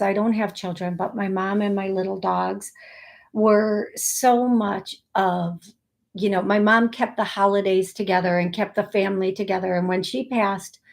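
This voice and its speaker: A woman hosting an online psychic medium show, speaking gently and consolingly in rushes with many restarts, over a video call. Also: medium pitch, gravelly. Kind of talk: live online show, relaying messages.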